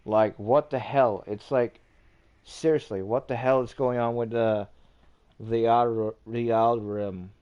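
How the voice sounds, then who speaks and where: A man's voice: mid-range voice, steady tone, measured pace, clear, resonant tone, dull audio. A man hosting a livestream, ranting casually in a rambling, repetitive way and swearing often. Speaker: livestream host.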